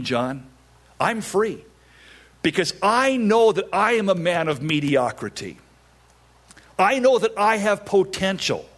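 A man's voice: fairly high pitch, fairly bright tone, slightly rough. A middle-aged male pastor preaching a sermon, emphatic and repeating his phrases for weight.

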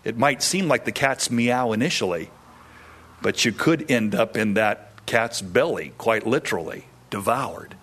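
A man preaching a sermon, telling a story and acting out quoted voices, with sudden drops into a low tone. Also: lively intonation, unhurried, fairly bright tone.

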